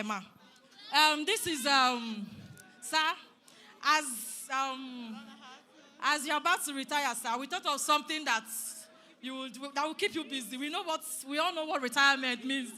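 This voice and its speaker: A woman's voice: high-pitched, bright, forceful tone, slight background noise. A woman with a Nigerian accent presenting gifts to a retiring boss at an indoor party, speaking politely and deferentially in a formal thank-you speech. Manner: polite, deferential, addresses him as sir.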